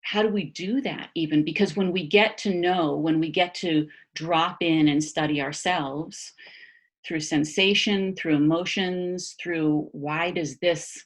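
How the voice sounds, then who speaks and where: Woman, low voice, body-mind therapist, casual chat, animated, laughs often, fillers, video call. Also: a little slow. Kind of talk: casual conversational explanation.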